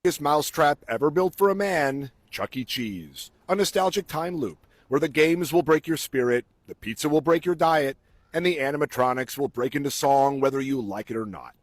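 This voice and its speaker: A man impersonating a wry, world-weary food and travel show narrator. His voice sits a little high, and he delivers each line in a dry, sardonic, measured documentary cadence. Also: dry recording, natural voice. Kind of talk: comedic impression narration.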